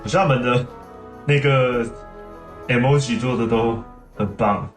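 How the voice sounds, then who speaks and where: Chatty male streamer explaining a game casually; average pitch, echoey room. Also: moderate pace. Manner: chatty, explains at length, laughs often. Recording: roomy room with game music.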